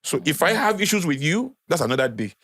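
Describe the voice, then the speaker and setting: A man's voice: fairly high pitch, very animated, fast, a bit bright, breathy edge, dry recording, studio quality. A man with a Nigerian accent, a podcast guest lecturing in a conversational way, repeating key phrases for emphasis. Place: podcast studio.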